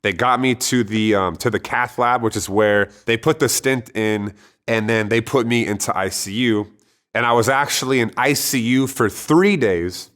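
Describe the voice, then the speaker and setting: A man's voice: mid-range voice, moderate pace, a bit bright. A man speaks in a mid-range voice, earnest and conversational, as he tells a personal testimony. He often restarts his sentences and talks the way he would to friends. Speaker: storyteller sharing a personal testimony. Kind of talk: casual spoken testimony.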